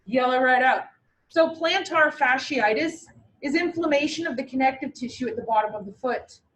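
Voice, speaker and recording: A woman teaching a classroom lecture, lively, asking her students questions and answering them herself. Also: sits high, normal speed, slight background noise, low-quality recording.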